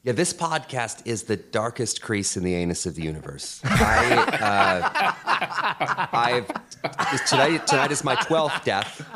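A man's voice: mid-range voice, sing-song, slow pace, pushed and bright, slight background noise. A man joining a podcast as a guest, chatting casually and telling self-mocking jokes and anecdotes. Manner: joking, self-mocking storyteller.

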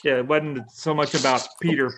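A man's voice: mid-range voice, steady tone, normal speed, noisy background. A man in a casual panel chat who jokes, acts out his examples and fills his talk with "you know" and "I mean.".

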